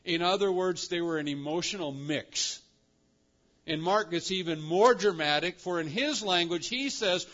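A man preaching a sermon with dramatic emphasis, slowing down and rising in pitch to stress key words. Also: a bit bright, muffled recording. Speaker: pastor.

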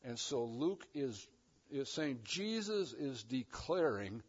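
A man preaching a sermon as pastor, swinging between loud emphatic lines and hushed ones. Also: medium pitch, lively intonation, slow, breathy edge, muffled recording.

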